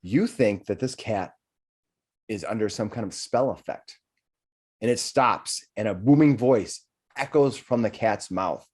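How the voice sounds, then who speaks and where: A man's voice: on the low side, unhurried, a little mellow, husky. A man narrating a tabletop game as game master, rambling with frequent restarts. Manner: rambling, restarts, laughs often.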